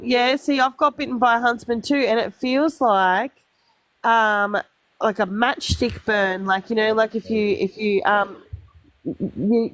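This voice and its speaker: A woman's voice: fairly high pitch, dry recording. An Australian woman guesting on a livestream, chatting casually and telling rambling stories with blunt, swearing asides into a phone mic. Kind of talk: casual chat.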